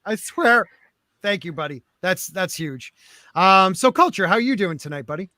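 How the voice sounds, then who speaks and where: A man's voice: high voice, expressive, normal speed, bright, forceful tone, no room sound, clean studio sound. A man hosting a livestream podcast, joking around and thanking viewers for their donations. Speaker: podcast host. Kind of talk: casual livestream chat.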